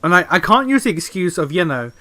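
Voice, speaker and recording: A man's voice: high-pitched, sing-song, fast, pushed and bright. A British man giving casual gameplay commentary. He rambles, laughs often, and swears. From Britain. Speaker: streamer.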